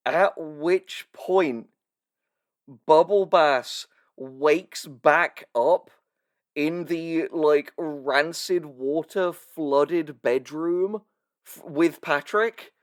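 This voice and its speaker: A man's voice: a little high, dry recording, studio quality. A man co-hosting a podcast, casually recapping a cartoon episode, swearing and laughing as he tells it. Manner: storytelling, swearing, laughing often. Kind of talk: casual chat.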